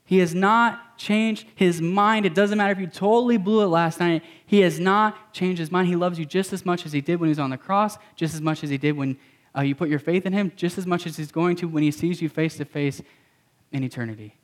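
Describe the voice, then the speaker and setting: A man's voice: a little high, quick pace. A man preaching a sermon as a pastor, emphatic and repetitive, mixing in casual slang.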